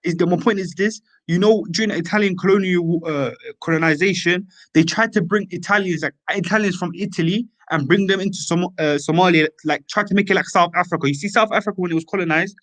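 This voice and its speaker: A young man in casual chat, animated and slangy, stacking filler tags. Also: sits high, fast talker, hardly any pauses, no room sound. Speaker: open mic speaker.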